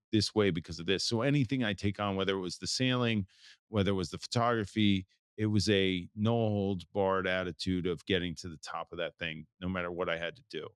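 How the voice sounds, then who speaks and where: A man in his forties from the United States, speaking as an interview guest in a low voice. He talks in a loose, rambling way, circling back and restarting his sentences. The sound is dry and close to the mic. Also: no echo. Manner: rambling, with many restarts and fillers. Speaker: photographer, guest. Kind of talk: casual interview talk.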